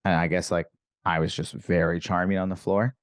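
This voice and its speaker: A man's voice: low voice, a little fast, clear, resonant tone, no echo, studio quality. A man from Virginia, a comedian guest, telling stories in casual chat and acting out the people in them. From Virginia, USA. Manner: animated, acts out quoted exchanges.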